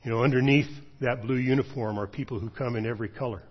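A middle-aged man, a pastor, preaching a sermon in a measured storytelling way, pausing often with fillers. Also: mid-range voice, steady tone, slightly rough. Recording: dull lo-fi sermon recording.

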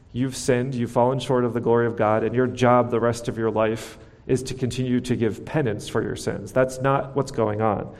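A man's voice: medium pitch, a little mellow. A man preaching a sermon as a pastor, teaching earnestly and posing rhetorical questions to his congregation. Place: church sanctuary. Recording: church hall with long reverb.

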